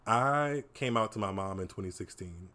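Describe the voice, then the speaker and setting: A young man, telling personal stories as a podcast guest in a casual, animated way. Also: fairly low pitch, normal speed. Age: 20s. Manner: animated, laughing storyteller. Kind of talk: casual chat, storytelling.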